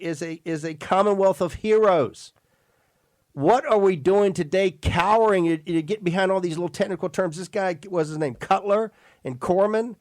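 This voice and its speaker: A man's voice: sits high, no echo, clean studio sound. A man hosting a political talk radio show, emphatic and rambling, often repeating and restarting words.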